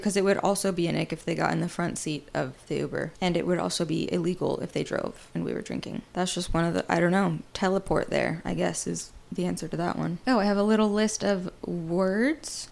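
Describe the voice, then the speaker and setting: A woman's voice: on the low side, gravelly, darkish tone. A woman in her twenties hosting a podcast, talking in a blunt, profane, rambling monologue. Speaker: podcast host.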